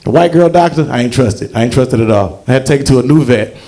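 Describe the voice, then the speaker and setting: A man's voice: animated, fast talker, creaky, dark tone. A young man performing a stand-up comedy set on stage, telling a profane story and acting out the voices in it. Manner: profane, storytelling, acts out quotes with big pitch jumps. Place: comedy show in a library.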